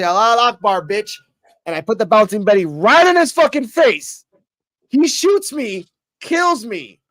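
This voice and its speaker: A man hosting a casual interview, telling stories with lots of swearing and acted-out voices. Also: high-pitched. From Puerto Rico. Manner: animated storyteller, swears freely, acts out voices. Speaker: host interviewing a streamer.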